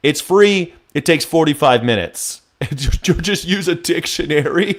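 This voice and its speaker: Sarcastic guy ranting about the news, lots of swearing, kinda high voice. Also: animated, measured pace. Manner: sarcastic, profane, mocking. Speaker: host. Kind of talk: casual political commentary reacting to news clips.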